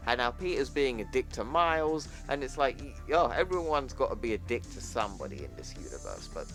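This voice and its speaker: A man's voice: medium pitch, very animated, fairly quick, hardly any pauses, a bit bright, faint music behind. A man hosting a comic book channel, recapping a story in a casual, slangy, offhand way. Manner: slangy and offhand, says yo, bro, fam.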